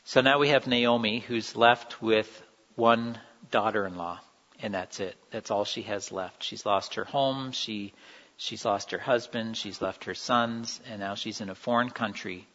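A man's voice: lowish voice, fairly even intonation, a little slow, a bit bright. A man giving an earnest, conversational sermon. He acts out the quoted lines with feeling. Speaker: preacher. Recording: dull sound in a reverberant hall.

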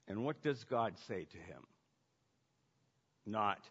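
A man preaching a sermon, shifting between hushed, intimate lines and loud, emphatic ones. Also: medium pitch, expressive, slow, pauses often, husky. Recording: dull sound with long hall reverb.

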